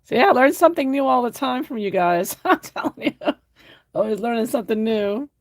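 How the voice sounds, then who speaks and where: A woman's voice: on the high side, expressive, fairly quick. A woman hosting an art livestream, chatting casually and answering viewer comments while she paints, often laughing.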